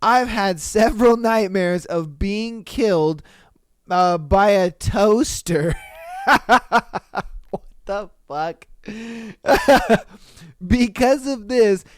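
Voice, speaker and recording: Young male podcast host, higher-pitched, clear, dry sound; laughs and swears constantly while reading posts. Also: drawn-out words, dry recording. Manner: profane, laughs often, reacts loudly. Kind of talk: casual commentary reading listener posts.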